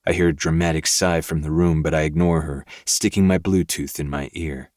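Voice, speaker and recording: Brief: very deep male narrator, dry close recording, steady audiobook read. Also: a little fast, no echo. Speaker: podcast host reading a novel aloud. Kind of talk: first-person audiobook narration.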